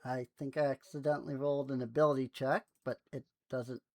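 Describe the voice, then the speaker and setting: A game master narrating a tabletop game over voice chat in a relaxed, chatty way, often laughing. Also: medium pitch, a little fast, dry recording.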